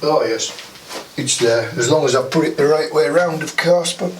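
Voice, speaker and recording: A man's voice: fairly high pitch, moderate pace. An older man demonstrating antenna building and soldering, chatting and thinking aloud as he works. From United Kingdom. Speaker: amateur radio hobbyist. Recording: distant mic with clear background noise.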